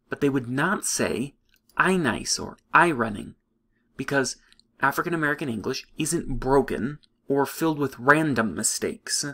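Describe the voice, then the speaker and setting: A man lecturing in a measured, explanatory way for a recorded lesson. His pitch sits mid-range for a man. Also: fairly bright tone.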